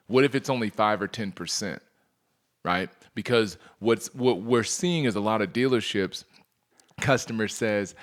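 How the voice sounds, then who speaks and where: This sales coach's voice is on the low side and unhurried, yet his presentation is energetic: he peppers the audience with rhetorical questions and acts out customer dialogues.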